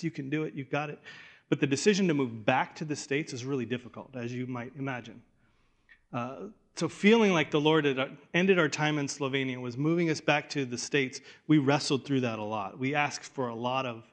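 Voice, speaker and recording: A man's voice: mid-range voice, fairly bright tone. A man in his thirties preaching an earnest, emotional sermon, with stumbling restarts and a voice that grows tender. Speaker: pastor.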